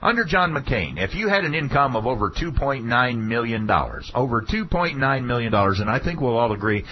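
Man, radio host, folksy and sarcastic, lively swings in pitch, muffled lo-fi sound. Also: brisk, slight background noise. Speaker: radio talk show host. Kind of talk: political talk radio monologue. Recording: dull lo-fi radio broadcast.

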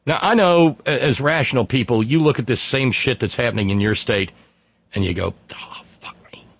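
A man's voice: medium pitch, animated, a little fast, dry recording. Sardonic, profane man hosting a talk show. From West Virginia. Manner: sardonic, profane, reads listener emails aloud. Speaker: podcast host. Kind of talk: casual talk-show monologue.

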